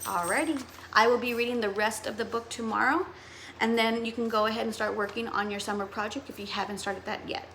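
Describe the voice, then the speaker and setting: A woman's voice: fairly high pitch, fairly quick, slight background noise. A woman teacher reading a novel aloud expressively to her students. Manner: expressive storytelling.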